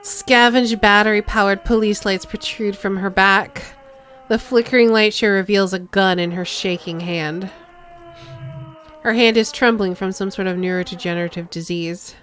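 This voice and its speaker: A woman streamer reading a video game's text aloud in a lively way, with casual remarks of her own. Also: medium pitch, normal speed, slight background noise.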